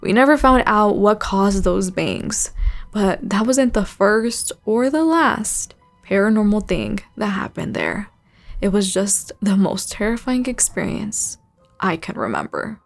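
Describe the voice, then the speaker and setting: A woman hosting a channel where she reads subscribers' scary stories aloud, telling them in a measured, suspenseful way. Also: mid-range voice, very animated, gravelly, soft background music. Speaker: host reading subscriber stories. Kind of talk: scary story narration.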